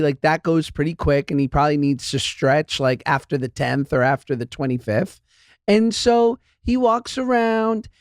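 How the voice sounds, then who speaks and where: A man's voice: on the high side, a little mellow, smooth, no echo, studio quality. A man hosting a podcast, telling stories in casual chat and laughing often. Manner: chatty storyteller, laughs often. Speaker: podcast host.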